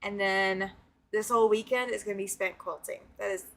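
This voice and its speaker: A woman's voice: mid-range voice, fairly even intonation, fairly quick, gravelly, over a noisy crowd. A woman from the Southern US with a Southern accent, hosting a casual quilting livestream, chatting and laughing as she reads viewer comments aloud. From Southern United States. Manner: chatty, laughs often, talks straight to viewers. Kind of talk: casual live-stream chat, reading viewer comments.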